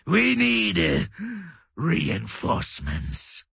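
A man's voice: fairly high pitch, wildly swooping pitch, drawn-out words, gravelly, pushed and bright, breathy edge, no room sound, voice pushed up, heavily acted. A man voicing a battle-hardened male warrior commander who roars urgent orders in an audiobook. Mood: grim. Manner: roaring, urgent.

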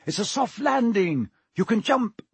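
A man's voice: high-pitched, very animated, a little slow, breathy edge, dry recording, pitched above the performer's own voice, full character voice. Harry, a man doing a brave young schoolboy wizard. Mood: calling.

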